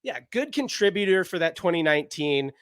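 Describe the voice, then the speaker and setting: A man's voice: high-pitched, big pitch swings, fairly quick, fairly bright tone, clean tone, no room sound, studio quality. A young man co-hosting a casual basketball chat, rambling with lots of "like" fillers. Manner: rambling, heavy use of "like" fillers. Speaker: basketball podcast co-host.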